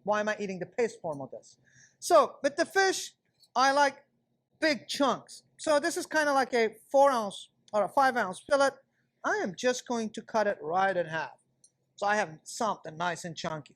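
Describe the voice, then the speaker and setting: A man's voice: extremely high pitch, a bit bright. A man working as a chef instructor, talking viewers through a cooking class demonstration in a kitchen and explaining each step as he cooks.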